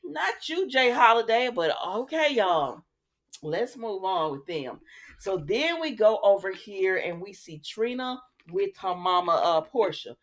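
A woman's voice: medium pitch, sing-song, unhurried. A woman hosting a casual soap opera recap, chatty and opinionated, talking straight to her viewers. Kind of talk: casual chat recapping episodes.

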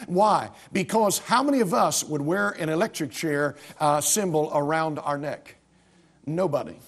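High-voiced emphatic American preacher. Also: male voice, measured pace, creaky, breathy edge. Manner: emphatic preaching with rising bursts and frequent restarts. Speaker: pastor. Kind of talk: sermon. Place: church sanctuary.

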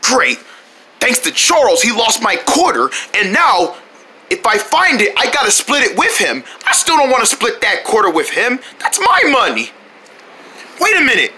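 Skit performer, lively swooping pitch, sharp bright tone, excitable and loud. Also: moderate pace. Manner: excitable, often shouting and laughing. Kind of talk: playful comic skit with several characters.

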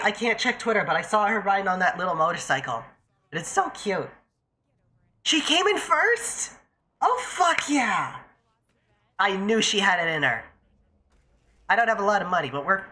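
A young adult streamer rambling through a live gameplay session with a bright, forceful voice. They talk to themselves and their chat in a loose, casual way and swear freely. The pitch sits in a middle range. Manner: chatty, profane, talks to self and chat.

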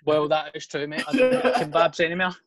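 A man's voice: a little high, expressive, brisk, a bit bright, a little hiss or hum. A Scottish man hosting a casual podcast chat, teasing his guest with jokey banter and swearing.

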